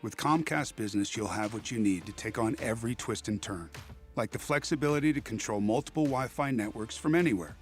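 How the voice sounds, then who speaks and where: Male national-spot voice-over, energetic, faint music bed. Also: medium pitch, a little fast. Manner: upbeat, punchy. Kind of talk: scripted commercial voice-over.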